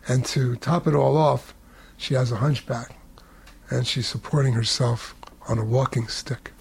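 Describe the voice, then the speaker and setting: A man telling a spiritual story in a relaxed, conversational way, with humorous asides. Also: medium pitch, measured pace, creaky, slightly rough.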